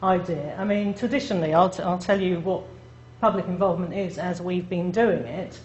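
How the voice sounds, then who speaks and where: A woman's voice: fairly low pitch, fairly even intonation, a little fast, a little mellow, lo-fi sound. A woman speaks to a room of listeners in a friendly, self-deprecating way, often checking in with them. The sound is roomy and echoey, with a faint hiss underneath. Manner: chatty, self-deprecating, addresses audience directly. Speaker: presenter. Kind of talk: conference presentation. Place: lecture room.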